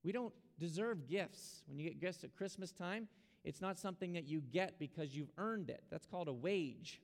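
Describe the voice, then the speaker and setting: Gravelly-voiced pastor preaching in a hall. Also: male voice, fairly high pitch, animated, moderate pace. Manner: earnest preaching, urging and exhorting. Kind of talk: sermon. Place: church sanctuary. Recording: long hall reverb.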